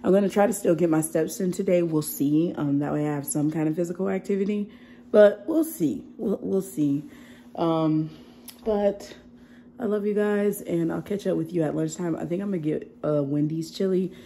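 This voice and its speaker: In a casual at-home vlog, a young woman who is ill and going hoarse chats with her audience, laughing frequently and speaking right to them. Her voice is mellow and on the low side, at a normal speed, with slight background noise.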